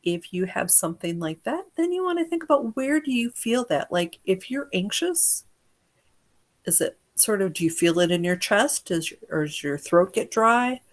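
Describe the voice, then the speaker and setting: An American woman hosting a livestreamed energy-healing session, chatting casually, greeting viewers by name and giving gentle instructions. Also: medium pitch, big pitch swings, normal speed.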